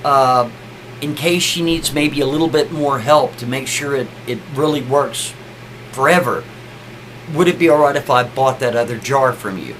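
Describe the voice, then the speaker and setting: A man's voice: medium pitch, moderate pace, a bit bright, a little hiss or hum, lightly acted, poor audio. A man voicing a grateful husband who stammers out his thanks over and over. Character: grateful, flustered middle-aged husband. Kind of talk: storytelling.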